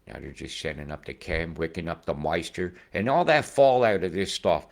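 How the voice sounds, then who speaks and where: A rambling, swearing man with a low voice. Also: normal speed, gravelly. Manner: swears freely, swings from mumbling to loud outbursts. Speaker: weather video host. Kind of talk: rambling conspiracy weather commentary.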